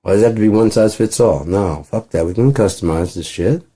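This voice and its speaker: A man's voice: lowish voice, brisk, mellow, breathy edge. A man rambling in a casual monologue, profane, acting out both sides of imagined conversations. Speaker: channel host.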